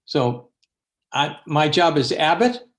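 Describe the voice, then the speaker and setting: Older man recalling memories slowly. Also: a little high, animated. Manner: unhurried storytelling with frequent fillers. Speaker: abbot and Zen teacher. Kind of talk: interview reminiscence.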